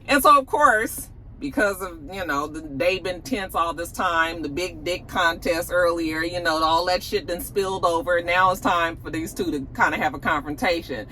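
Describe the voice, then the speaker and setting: A woman's voice: lowish voice, fairly quick. A woman, casually recapping a TV episode for her channel and acting out the characters' lines as she goes. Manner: animated storytelling, acts out characters' lines. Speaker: TV review vlogger. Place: at work on lunch break.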